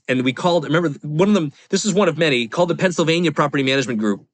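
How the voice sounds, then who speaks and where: Talking very fast with few pauses, this podcast guest, a real estate investor in his forties, tells a candid personal story in a high-ish, lively voice. It's rambling and confessional, packed with fillers, with no room sound in the recording.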